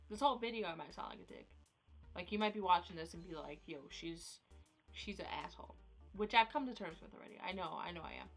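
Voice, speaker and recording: A woman's voice: mid-range voice, a bit bright. A young woman ranting in a casual vlog, exasperated and repetitive, filler-heavy, recorded on a phone camera at home. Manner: exasperated ranting, repeats herself, many "like"s. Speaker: vlogger.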